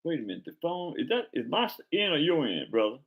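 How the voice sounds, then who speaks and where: A man's voice: on the high side, big pitch swings, fast talker, narrow, tinny audio. A man hosting a live stream chat, talking casually in slang and stumbling over repeated words.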